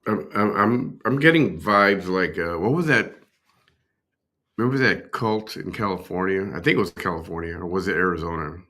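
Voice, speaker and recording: A man's voice: sits low, moderate pace, pushed and bright. A man hosting a reaction stream, rambling and thinking aloud as he speaks to his chat. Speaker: host. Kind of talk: casual reaction commentary.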